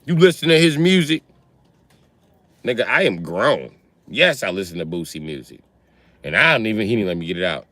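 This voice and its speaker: Profane rambling man, lively low voice. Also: fairly quick, no echo. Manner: rambling, profane, laughs often. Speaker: livestream host. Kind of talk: casual comedic rant.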